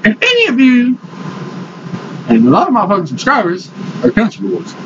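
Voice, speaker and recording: A young man with a drawl rants in a rowdy, foul-mouthed way, his fairly high voice leaping around, and he has dip tucked in his lip. The audio is dull and lo-fi, with loud noise running underneath. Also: huge pitch swings, normal speed. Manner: rowdy, swears constantly. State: talking with tobacco in his lip. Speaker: vlogger reviewing dip. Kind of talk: casual profane vlog rant.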